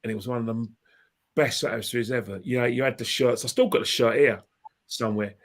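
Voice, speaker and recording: A man of ordinary pitch tells a football story in a casual podcast chat. He rambles, restarts his sentences and repeats phrases, and he is heated and impassioned as he goes. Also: fairly even intonation, a little fast. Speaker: podcast guest, football fan.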